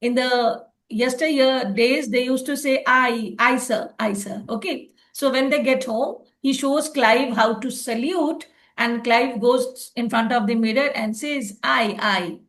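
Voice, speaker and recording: High-voiced woman teaching phonics. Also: a little slow. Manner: explains patiently, often checking with "okay". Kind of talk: online tutoring lesson.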